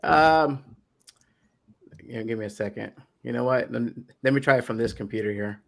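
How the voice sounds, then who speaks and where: A man hosting a casual podcast, talking hesitantly with many pauses and fillers. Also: mid-range voice, vocal fry, fairly bright tone. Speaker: podcast host.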